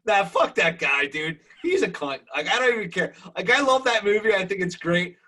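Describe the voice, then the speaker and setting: A man's voice: high-pitched, expressive, moderate pace, pushed and bright. A man co-hosting a podcast, joking crudely and mocking in exaggerated casual chat. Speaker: podcast co-host.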